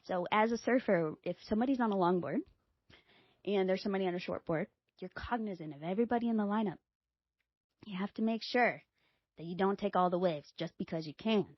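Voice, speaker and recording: A middle-aged woman hosting a podcast, telling a casual story and acting out quoted dialogue with big jumps in pitch. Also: brisk, dry recording, lo-fi sound. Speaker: podcast host.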